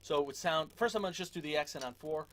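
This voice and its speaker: A man giving a casual drum lesson, relaxed and self-deprecating, with lots of fillers. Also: fairly high pitch, quick pace, a little hiss or hum. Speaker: drum teacher. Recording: loud drums between talk.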